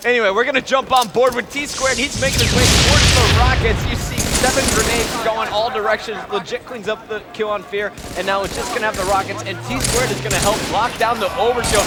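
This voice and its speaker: A man calling live video game action as a play-by-play commentator, with rapid, excited calls. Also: sits high.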